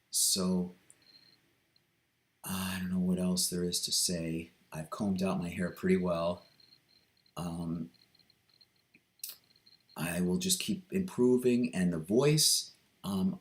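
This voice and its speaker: A man talking through a reflective personal vlog, hesitant and earnest, with many pauses, ums and restarts. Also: low voice. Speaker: vlogger.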